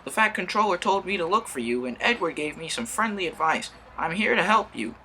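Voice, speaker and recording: A vain red steam engine boasts in a bright, raspy, high-pitched voice, put on by a man reading a storybook. He swoops up and down with loud, showy exclamations. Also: lively intonation, brisk, a little hiss or hum, heavily acted. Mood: earnest.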